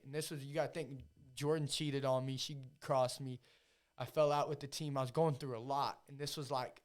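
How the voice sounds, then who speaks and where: A man's voice: mid-range voice, fairly even intonation, quick pace. A man who fights for a living talking as a podcast guest in casual chat, emotional and profane, often repeating himself.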